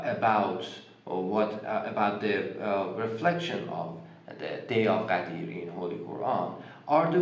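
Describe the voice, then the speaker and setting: A man's voice: fairly low pitch, a little mellow, roomy sound, low-quality recording. A man with a Persian accent giving a religious lecture, speaking with many fillers and restarts and stressing key words. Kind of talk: religious lecture explaining scripture.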